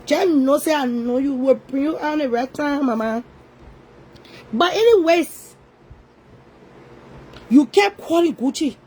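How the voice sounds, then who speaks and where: A woman delivers a ranting social media commentary in a high voice. She scolds her target directly and circles back to the same points again and again. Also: unhurried, darkish tone, slight background noise, rough recording. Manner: scolding, repetitive, confrontational. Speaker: online commentator.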